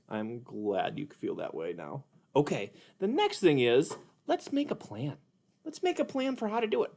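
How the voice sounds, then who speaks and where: A man running a puppet lesson for kids, speaking in a gentle, patient and encouraging way. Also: mid-range voice, sing-song, normal speed. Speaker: puppeteer and teacher.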